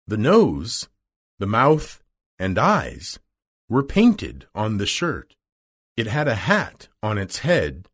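A man reads a simple storybook aloud for learners. His pitch rises and falls in wide, sing-song arcs. The pace is very slow and the tone is slightly husky. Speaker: narrator. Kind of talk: storybook reading.

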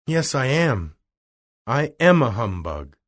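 A man's voice: mid-range voice, very animated, slow, pitched above the performer's own voice. A man reading aloud and voicing a frightened little old male wizard who speaks in a small, pleading voice.

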